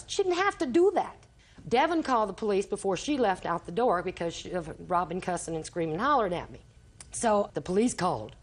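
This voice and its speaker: A grandmother of advanced years testifies as a litigant in a TV courtroom, recounting her story at great length and performing everyone's quoted lines in a medium-pitched voice.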